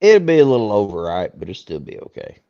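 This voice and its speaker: A man's voice: fairly low pitch, sing-song, fast talker, warm tone, highs cut off. A man with a Southern accent, co-hosting a podcast in casual, crude, joking chat full of swearing. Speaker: podcast co-host.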